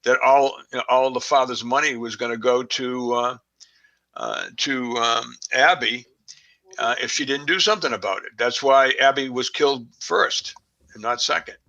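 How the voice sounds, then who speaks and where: A man's voice: mid-range voice, normal speed, creaky, sharp tone, lo-fi sound. A man with a Boston accent, a forensics expert guest, talking casually with many fillers and restarts. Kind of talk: casual conversation.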